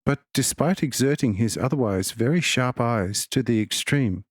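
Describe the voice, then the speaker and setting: Man reading religious audiobook, even measured pace, mid voice, dead dry sound. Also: mid-range voice, breathy edge, no room sound. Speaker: audiobook reader. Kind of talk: audiobook narration of a religious text.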